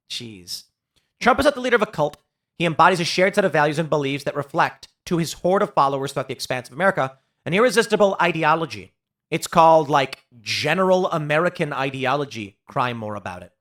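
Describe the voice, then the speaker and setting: A man's voice: sits high, pushed and bright. A man hosting a political commentary show, delivering a sarcastic opinion monologue that mocks quoted critics. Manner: sarcastic, mocking, with quoted voices.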